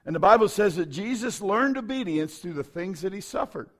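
High-pitched man preaching a sermon. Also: expressive, brisk. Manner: folksy storytelling with bursts of preaching. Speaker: pastor.

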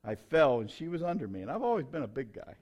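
A middle-aged man, preaching his own testimony in a folksy, emphatic way with sudden loud bursts. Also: mid-range voice, sing-song, quick pace, highs cut off. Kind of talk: sermon testimony.

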